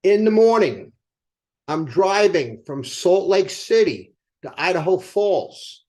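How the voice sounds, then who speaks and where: High-voiced older man telling sales stories. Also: takes it slowly. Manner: animated storyteller asking the audience rhetorical questions. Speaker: company co-founder speaking to sales team. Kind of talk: motivational sales storytelling.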